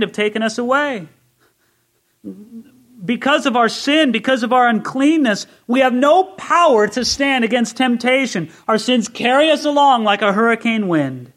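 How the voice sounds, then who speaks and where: Male Bible teacher with a high voice, earnest sermon delivery that swings from hushed to forceful. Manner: earnest, swings from quiet to emphatic. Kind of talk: expository sermon.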